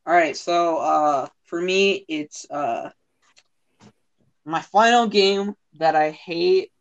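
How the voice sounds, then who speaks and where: A man's voice: on the high side, slow. A young man in casual chat, blunt and brief, repeating his point. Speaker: podcast co-host. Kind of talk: casual chat among friends.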